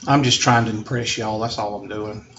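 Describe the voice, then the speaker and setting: A man's voice: lowish voice, steady tone, moderate pace, a bit bright. A man teaching a math class, joking and sarcastic as he lectures. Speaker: math instructor. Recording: dull lo-fi classroom recording with faint noise.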